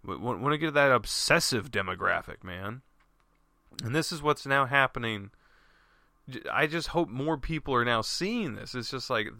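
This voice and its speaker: Guy ranting and swearing a lot, bright sharp voice, pitch all over the place, dry close mic. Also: sing-song, normal speed, no room sound. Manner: angry, profane, rambling with restarts. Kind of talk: ranting monologue.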